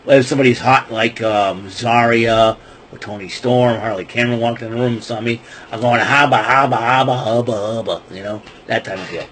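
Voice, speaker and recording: A man's voice: medium pitch, steady tone, brisk, a little hiss or hum, low-quality recording. A man hosting a podcast, casually retelling wrestling events in a loose, rambling way with lots of fillers and restarts. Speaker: podcast host.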